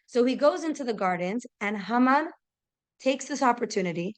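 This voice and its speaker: A young woman teaching a religious class, telling the story in a lively way and acting out the characters' lines. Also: normal speed. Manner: lively storytelling, acting out dialogue with raised pitch. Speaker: Torah teacher. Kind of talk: storytelling lesson.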